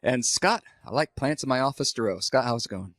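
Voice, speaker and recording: A man's voice: mid-range voice, expressive, brisk, a bit bright, no room sound. Chatty joking male podcast host. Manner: jokey, rambling storyteller. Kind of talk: casual chat.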